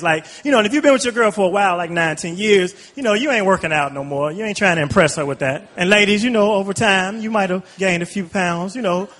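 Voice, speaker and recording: A man's voice: high voice, fairly bright tone. A stand-up comedian from Chicago, a man, talking loosely and chattily to the crowd. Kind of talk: stand-up set to a live crowd. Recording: live club with reverb and crowd.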